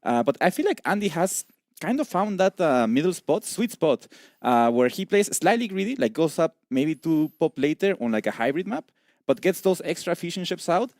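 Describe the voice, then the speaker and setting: A man's voice: on the high side, sing-song, darkish tone, dry recording, clean studio sound. A man co-casting a strategy game tournament, breaking down player styles in an analytical way. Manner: quick analytical talk with fillers. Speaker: esports co-caster. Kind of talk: esports commentary.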